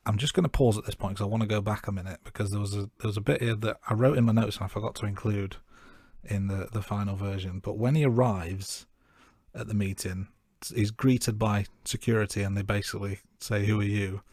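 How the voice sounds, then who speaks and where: A man co-hosting a podcast, recapping a film scene by scene in a relaxed, self-deprecating way. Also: fairly low pitch, a little fast, dry recording, clean studio sound. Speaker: podcast co-host. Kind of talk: casual film-review chat.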